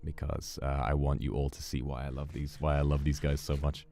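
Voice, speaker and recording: Very deep, gravelly male streamer. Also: little pitch movement, brisk, warm tone, soft background music. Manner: playful, theatrical, flirty with chat. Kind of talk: casual livestream chat while gaming.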